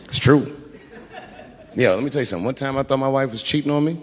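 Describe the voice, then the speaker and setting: A middle-aged man doing a stand-up comedy routine, telling a story with lively acted-out quotes. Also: mid-range voice, quick pace. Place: large theater stage. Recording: reverberant hall with crowd noise. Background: audience laughter.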